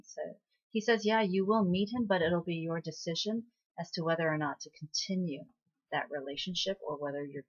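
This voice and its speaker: A woman's voice: on the low side, highs cut off. Chatty woman recapping a drama. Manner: chatty, lots of fillers, acts out quoted lines. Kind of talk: casual spoken recap.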